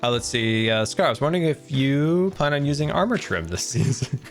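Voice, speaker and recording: Animated man streaming, lively voice. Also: mid-range voice, a little fast, faint music behind. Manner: animated, laughing, chatting with viewers. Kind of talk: casual live-stream chat.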